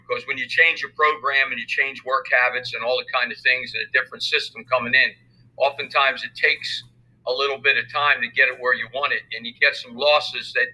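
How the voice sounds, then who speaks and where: An older man, a football coach answering interview questions in a measured, thoughtful way. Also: mid-range voice, sharp tone, low-quality recording. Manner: measured, thoughtful, many fillers. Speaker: high school football coach. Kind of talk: interview conversation.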